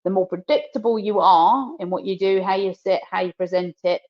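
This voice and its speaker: A woman's voice: medium pitch, a little fast. Woman dog trainer, lo-fi webinar audio. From New Zealand. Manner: practical, direct coaching with a working dog.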